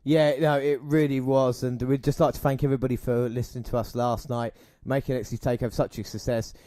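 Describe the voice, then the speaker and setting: A man's voice: medium pitch, little pitch movement, fast talker, mellow, dry recording, clean studio sound. A man hosting a podcast, upbeat and steering the conversation. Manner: upbeat, runs the show. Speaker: podcast host. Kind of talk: casual chat.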